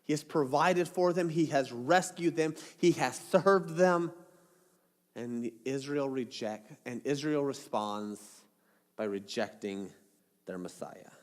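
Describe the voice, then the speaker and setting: A man's voice: mid-range voice, slow pace, in a large hall. A man preaching a sermon as pastor, casual and joking, with dramatic retellings.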